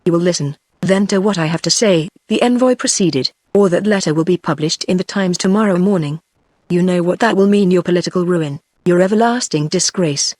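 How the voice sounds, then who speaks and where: A woman with a British accent, reading a classic novel aloud as a text-to-speech audiobook narrator in an even, steady way. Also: fairly low pitch, fairly quick, no room sound, clean studio sound.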